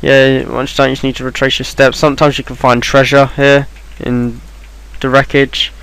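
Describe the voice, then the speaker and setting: A man's voice: medium pitch, monotone, moderate pace, gravelly, fairly bright tone, clear, resonant tone, low-quality recording. A man talking through a game walkthrough in an offhand, rambling way, with plenty of ums and restarts. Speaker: game guide maker. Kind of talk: casual game walkthrough voice-over.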